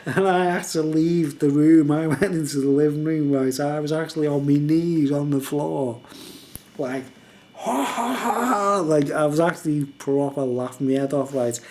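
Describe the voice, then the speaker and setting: A man's voice: a little high, steady tone, normal speed, dark tone, slight background noise. Rambling man, laughs through his story, very casual. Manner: laughs often, rambling, asks "you know what I mean". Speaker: vlogger.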